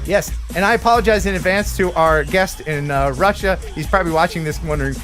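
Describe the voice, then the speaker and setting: High-voiced chatty male stream host. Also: brisk, a bit bright, faint music behind. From USA. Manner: jokey, chatty, reads names with upbeat lift. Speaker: livestream host. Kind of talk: casual live-stream chat, reading donations.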